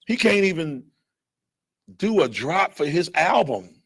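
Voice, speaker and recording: A man teaching a blunt, animated Bible lesson who acts out other people's voices as he goes. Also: fairly high pitch, measured pace, slightly rough. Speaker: scripture teacher. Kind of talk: fiery street-style Bible lesson.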